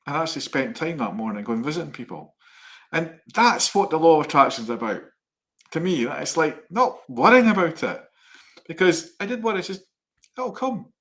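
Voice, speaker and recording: Animated man telling stories. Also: fairly high pitch, normal speed, pauses often. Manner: animated, rambling anecdotes with laughs. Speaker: co-host. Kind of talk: casual storytelling chat.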